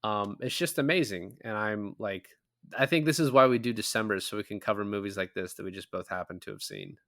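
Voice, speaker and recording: A man with a bright, clear voice talks over a movie with his co-host, loose and animated, piling on fillers and an occasional curse. The sound is dry and close, with no room around him. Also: fairly low pitch, fairly quick, dry recording. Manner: animated, swears freely, many fillers. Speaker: podcast co-host. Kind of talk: casual movie review chat.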